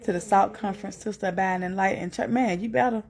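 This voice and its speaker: A middle-aged woman giving an earnest spoken testimony, repeating herself and climbing to high emphatic peaks. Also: fast, a little mellow.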